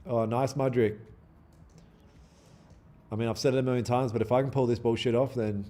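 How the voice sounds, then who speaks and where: A man's voice: medium pitch, fairly even intonation, a little fast, warm tone. A man hosting a live day-trading stream, chatting casually with viewers, swearing freely and talking back to the market. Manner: casual, swears freely, pleads and jokes with chat. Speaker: day trading livestream host.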